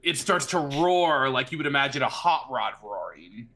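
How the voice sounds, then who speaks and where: Bright-voiced rambling game master man. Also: medium pitch, animated, normal speed, a little hiss or hum. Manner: rambling, searches for words with many fillers. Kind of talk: narrating a tabletop game.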